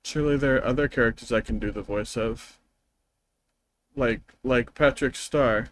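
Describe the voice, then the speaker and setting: A man's voice: mid-range voice, moderate pace, poor audio. A man streaming a game, chatting casually in a rambling, joking, self-deprecating way. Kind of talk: casual gameplay stream chat.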